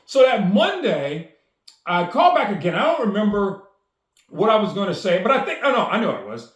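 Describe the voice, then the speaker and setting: A man's voice: sits high, sing-song, moderate pace, fairly bright tone, reverberant. A man telling a personal story with enthusiasm, acting out the dialogue as he goes. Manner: enthusiastic, acts out quoted dialogue. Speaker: storyteller and speaker.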